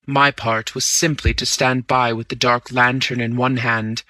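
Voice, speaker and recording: A man narrating a story in the first person, reading in a steady, measured way. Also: mid-range voice, no echo. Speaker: audiobook narrator.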